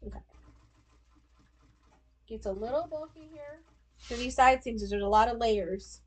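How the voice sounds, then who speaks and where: A woman's voice: a little high, a little slow, breathy edge. A woman hosting a live sewing stream, chatting casually as she walks through each step. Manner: chatty, talks through her steps as she sews. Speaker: sewing livestream host.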